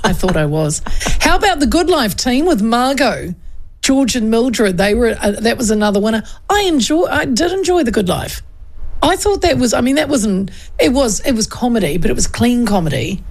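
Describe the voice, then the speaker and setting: A woman's voice: a little high, lively intonation, moderate pace, creaky. A middle-aged woman from New Zealand hosting a casual radio chat, reading listener texts and laughing as she goes. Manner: chatty, laughs often, trails off mid-sentence. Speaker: radio host.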